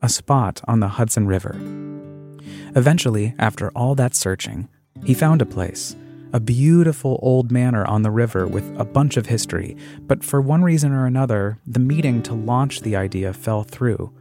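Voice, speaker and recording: A man's voice: medium pitch, animated. Male narrator over guitar music. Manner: measured storyteller pacing, dramatic pauses. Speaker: podcast host and narrator. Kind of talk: scripted documentary narration.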